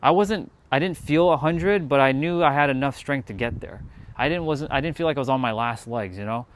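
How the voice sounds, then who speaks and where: A man with a medium-pitched, slightly fast voice addresses his live-stream viewers in a casual motivational monologue. He's earnest and blunt, swearing freely and repeating words for emphasis.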